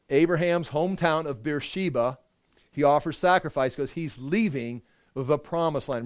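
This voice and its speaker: A man's voice: fairly high pitch, clear, resonant tone, no echo, clean studio sound. A man preaching a sermon, retelling scripture in a casual storytelling way with asides and jokes.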